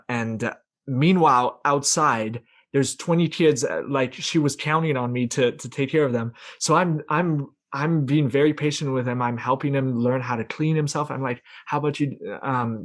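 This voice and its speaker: Hesitant young man telling a story. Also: mid-range voice. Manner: hesitant, many restarts, reflective. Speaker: participant sharing a story. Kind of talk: casual storytelling in a group call.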